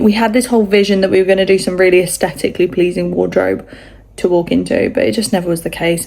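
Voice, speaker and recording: A woman's voice: mid-range voice, creaky, darkish tone. A young woman, chatting casually at home in a rambling, self-mocking vlog. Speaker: vlogger mum.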